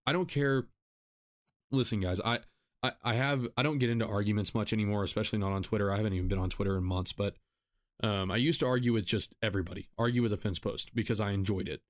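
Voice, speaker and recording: A man hosting a solo podcast, talking earnestly in a repetitive, self-deprecating way and sounding tired after a rough week. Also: lowish voice, fairly even intonation, quick pace. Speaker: podcast host. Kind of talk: solo podcast advice monologue.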